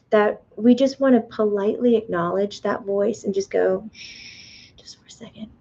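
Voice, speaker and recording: A woman teaching spirituality in a live online class, chatty and animated, often acting out voices. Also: mid-range voice, muffled recording, a little hiss or hum. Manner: animated, chatty, playfully acts out the mind's voice. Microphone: webcam or computer mic on a video stream.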